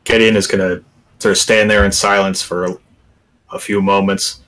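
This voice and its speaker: A man's voice: low voice, level tone, moderate pace, fairly bright tone. A man playing a tabletop game, hesitantly describing his character's moves. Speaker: player. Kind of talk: casual tabletop play. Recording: distant mic.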